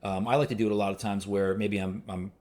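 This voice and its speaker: Guest chef, male, lowish voice, eager and rambling. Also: little pitch movement, quick pace, a little mellow. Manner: enthusiastic, rambling with fillers. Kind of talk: casual chat.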